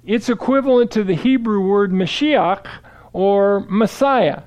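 A man giving a steady, explanatory Bible teaching, walking through verses and quoting scripture aloud. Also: high voice, measured pace, dull audio.

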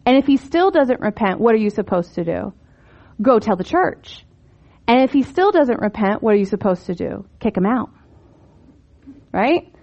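A woman's voice: on the high side, very animated, moderate pace, pauses often, muffled recording. A woman giving a casual Bible teaching, conversational, posing rhetorical questions and rising for emphasis.

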